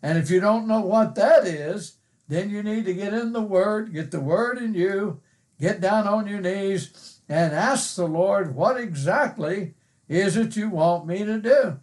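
A man delivers a sermon in a slow, measured way, pausing often with "uh" between earnest, emphatic phrases. His voice sits high for a man, and he quotes scripture in old-fashioned wording. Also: darkish tone. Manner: earnest, emphatic, with frequent "uh" pauses. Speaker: preacher.

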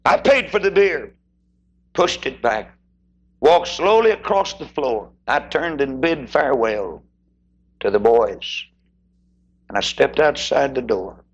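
An older man preaching a sermon, swinging between loud high peaks and hushed low passages. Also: animated, slow, long pauses, breathy edge, dull audio. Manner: preaching with sudden swoops in pitch and loudness, shouting at peaks.

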